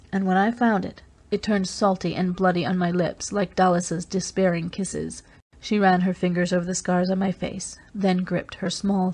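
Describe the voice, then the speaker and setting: A woman reading an audiobook, narrating a first-person story in a steady, even way. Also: fairly low pitch, slightly rough. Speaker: audiobook reader.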